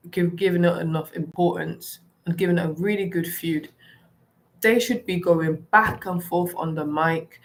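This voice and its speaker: A young woman ranting bluntly and with animation, delivering solo wrestling commentary. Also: on the low side. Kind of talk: opinionated solo rant.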